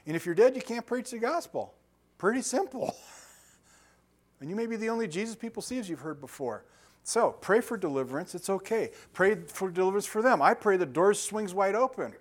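Chatty joking preacher, a man. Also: sits high. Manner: conversational, joking, chuckles often, asks the congregation questions. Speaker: pastor. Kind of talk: sermon. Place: church sanctuary.

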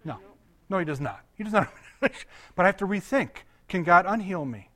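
High-voiced man preaching a chatty sermon. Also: expressive, fast, fairly bright tone. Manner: chatty, laughing, quizzing the congregation. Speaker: pastor. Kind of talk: conversational sermon.

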